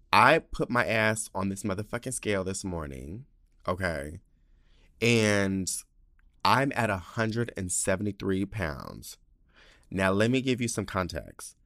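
A sassy man holds forth alone on his podcast, cursing freely and letting his voice leap up and drop low. His usual voice sits fairly low. The sound is dry and close, with no room around it. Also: dry recording. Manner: sassy, profane storytelling with swings in pitch and loudness. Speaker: podcast host. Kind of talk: casual monologue.

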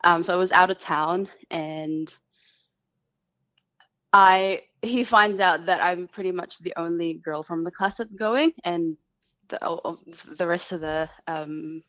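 A woman's voice: on the low side, measured pace, fairly bright tone, no room sound. A woman in her twenties with a New Zealand accent, calling in to a podcast, hesitant with frequent ums and nervous laughs. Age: 20s. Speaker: caller. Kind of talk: phone-in call to a podcast.

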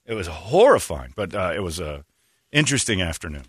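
A man's voice: deep voice, sing-song, fairly quick, breathy edge, no echo. A man hosting a casual morning radio show, telling rambling, self-deprecating stories and mimicking the people in them.

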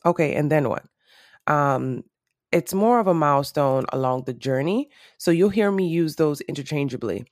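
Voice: medium pitch, animated, moderate pace, dry recording, studio quality. Podcast host with a morning voice. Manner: chatty, loose, with many fillers and restarts. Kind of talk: casual solo podcast talk.

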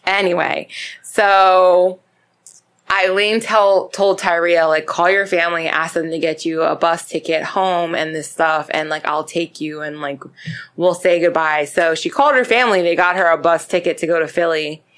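A woman hosting a podcast, casually retelling a true crime story with lots of swearing and animated acted-out quotes. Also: on the low side, normal speed, smooth. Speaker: podcast host.

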